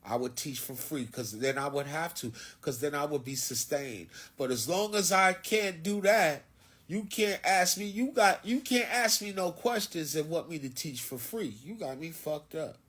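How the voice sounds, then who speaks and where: Husky-voiced man ranting on a livestream. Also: fairly high pitch, normal speed, a bit bright. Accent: Philadelphia. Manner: loose, swaggering, profane and preachy. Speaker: livestream host. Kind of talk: casual livestream monologue. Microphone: phone.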